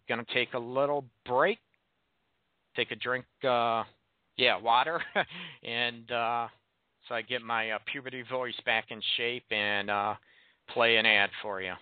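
A man's voice: medium pitch, clean tone, dry recording. A man hosting a call-in relationship advice show, talking frankly and asking his listeners blunt rhetorical questions. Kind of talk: call-in radio talk show monologue. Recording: tinny phone-like sound, dry.

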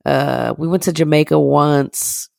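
A woman co-hosting a podcast in casual chat, telling rambling, animated stories with frequent laughs. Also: deep voice, measured pace, creaky, no echo, clean studio sound. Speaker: podcast co-host.

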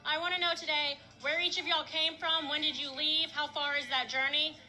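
Female field reporter, chatty, high bright voice. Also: flat delivery, normal speed, rough recording. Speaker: reporter interviewing rally attendees.

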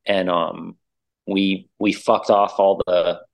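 Animated low-voiced man telling a story. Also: slow pace, gravelly. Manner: animated storyteller, acts out quoted voices, says "like" and "dude" a lot. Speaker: interview guest, musician. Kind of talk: casual storytelling.

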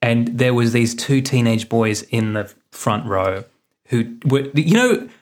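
A man telling stories in lively casual chat, swearing freely. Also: medium pitch, measured pace. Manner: animated, swearing, tells stories. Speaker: podcast co-host.

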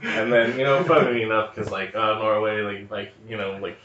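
A man's voice: fairly low pitch, fairly even intonation, a little fast, fairly bright tone. A man chatting loosely on a movie podcast, his slightly nasal voice rambling through fillers and laughter. He sits back from the mic in a roomy, echoing space, and the sound is a little dull. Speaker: podcast co-host. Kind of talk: casual movie podcast banter. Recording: roomy, distant, dull home recording.

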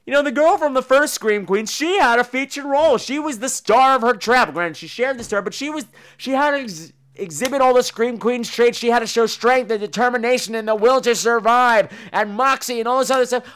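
A man's voice: very high-pitched, brisk, fairly bright tone, clean tone. A man hosting a podcast, reviewing movies in a profane, sarcastic comedic rant. He swears freely and mimics the people he talks about. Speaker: podcast host reviewing films.

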